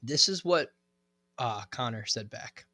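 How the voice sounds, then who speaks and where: Young man, podcast co-host, casual chat, relaxed storytelling, dry sound. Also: medium pitch, unhurried, no room sound. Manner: relaxed storytelling, lots of fillers and swearing.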